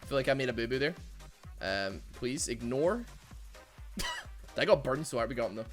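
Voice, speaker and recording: A man with a Glaswegian Scottish accent giving chatty, excitable commentary over his game, laughing often and trailing off into fillers. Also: mid-range voice, moderate pace, faint music behind. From Glasgow, Scotland. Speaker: streamer. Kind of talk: casual gameplay commentary.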